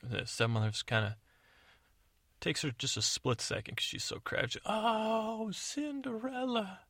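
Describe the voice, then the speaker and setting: A man rambles through a bedtime story in a low-key, digressive way, hosting a sleep podcast. His voice has a gravelly, creaky texture. The recording is dry and close. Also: fairly even intonation, normal speed, bright, forceful tone, dry recording.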